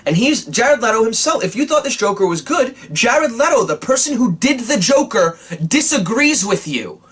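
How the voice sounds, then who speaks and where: Husky young man ranting about a movie. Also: extremely high pitch, moderate pace. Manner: animated, swearing, laughs often, many restarts. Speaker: movie reviewer. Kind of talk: casual movie review rant.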